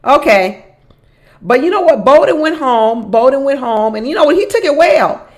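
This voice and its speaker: Animated woman recapping a reality show. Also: high-pitched, normal speed. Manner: animated, repeats phrases for emphasis, laughs often; talks straight to the people on the show. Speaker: reality show commentator and relationship coach. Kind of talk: casual recap commentary.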